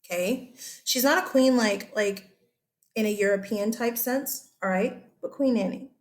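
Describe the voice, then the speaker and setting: A woman's voice: mid-range voice, unhurried. A woman teacher giving a casual, chatty history lecture over slides. She often checks in with her listeners.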